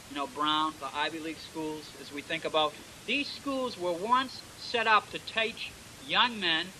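A man's voice: a little high, bright, forceful tone, a little hiss or hum, rough recording. A man preaching a sermon in an emphatic style, peppered with amens and praise interjections.

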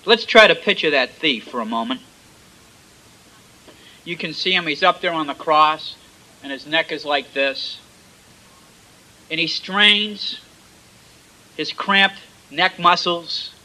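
A high-pitched man preaches with an emphatic, dramatic delivery. His tone is piercingly bright and tense, and he swings his loudness up and down as he retells the story. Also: takes it slowly, pauses often, rough recording. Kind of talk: sermon.

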